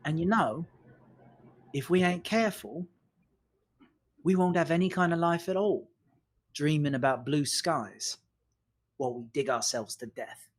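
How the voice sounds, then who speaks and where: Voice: medium pitch, sing-song, unhurried. A game master voicing Trilby, a bitter, sarcastic woman miner who talks in a patronizing, theatrical way. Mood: weary.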